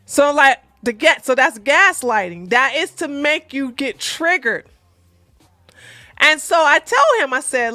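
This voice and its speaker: A woman with a high, bright voice talks her viewers through relationship advice in a blunt, emphatic way. Her speech is plain and slangy, and she hammers her points home by repeating them. The recording is dry and close, with no room sound. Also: lively intonation, moderate pace, no room sound. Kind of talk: casual advice talk to viewers.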